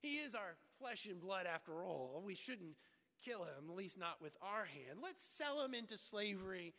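A man preaching with dramatic emphasis, often repeating words as he presses a point home. His voice sits high for a man. A long reverb hangs after each phrase, as in a large hall. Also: big pitch swings, normal speed, sharp tone. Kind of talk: sermon.

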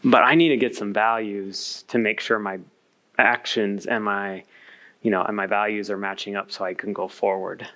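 A man's voice: fairly low pitch, flat delivery, normal speed, pushed and bright. A man in his thirties speaking to an audience at a workshop, earnestly coaching the listeners.

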